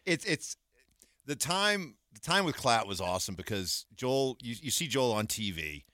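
Male radio guest, animated pitch, dry close sound, quick to agree. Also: no echo. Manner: quick agreeing backchannel, lively. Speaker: sports radio host, guest. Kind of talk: casual chat.

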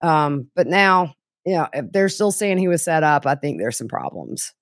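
A woman guest on a podcast, chatting candidly and animatedly with quick asides. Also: sits low, sing-song, no echo, clean studio sound. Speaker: podcast guest, trial reporter. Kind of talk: casual interview chat.

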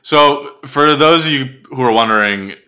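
A man's voice: medium pitch, measured pace, pushed and bright. A man co-hosting a casual fan podcast, laid-back and rambling, laughing as he talks. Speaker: podcast co-host.

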